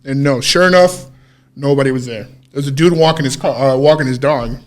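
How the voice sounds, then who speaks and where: A man co-hosting a podcast, casually telling a story in an animated way, swearing freely and acting out what people said. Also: medium pitch, a little fast. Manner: animated, swears freely, acts out quoted dialogue. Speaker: podcast co-host.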